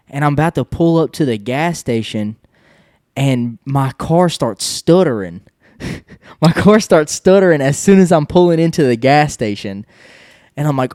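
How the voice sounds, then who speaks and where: A man's voice: mid-range voice, no echo, clean studio sound. Young man laughing through a wild story. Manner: laughing, profane, animated retelling. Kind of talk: casual storytelling.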